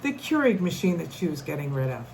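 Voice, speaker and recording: A woman's voice: low-pitched, big pitch swings, fast talker, darkish tone, a little hiss or hum, low-quality recording. A middle-aged woman telling a personal story to camera in an earnest, conversational way, often restarting her sentences. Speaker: vlogger.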